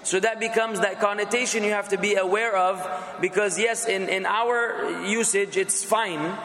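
A man's voice: high voice, steady tone, moderate pace, sharp tone. A man teaching a class, talking casually and repeating questions to the students until someone answers. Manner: conversational, asks the class questions, repeats words. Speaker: instructor. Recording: echoey classroom, some background noise.

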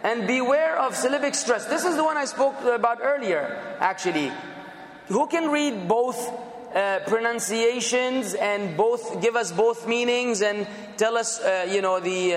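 A man gives a classroom lecture in a high voice, leaning hard on the words he contrasts and rising to sudden fervor. The room rings with echo and a long reverb tail. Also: a bit bright. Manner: emphatic, drawn-out word contrasts, bursts of fervor. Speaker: teacher. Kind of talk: classroom lecture on English for preaching.

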